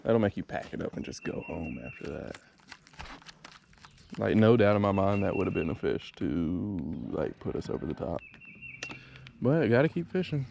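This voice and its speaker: A gravelly, low-pitched man, talking casually to the camera from a kayak on a lake. He is excitable and quick to get frustrated, and he mutters to himself. Clear outdoor noise runs under his voice. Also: dull audio. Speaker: kayak fishing vlogger. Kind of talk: casual vlog talk to camera. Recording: noisy outdoor camera audio.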